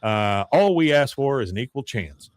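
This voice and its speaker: A man's voice: mid-range voice, animated, normal speed, no room sound, clean studio sound, close to an everyday voice. A man doing a stiff, polite middle-aged man. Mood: courteous. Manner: formal, courteous, exasperated.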